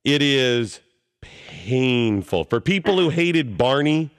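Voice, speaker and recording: Lively joking radio host, man. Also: mid-range voice, takes it slowly, clean tone. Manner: animated, joking. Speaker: radio talk show host. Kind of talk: talk radio chat.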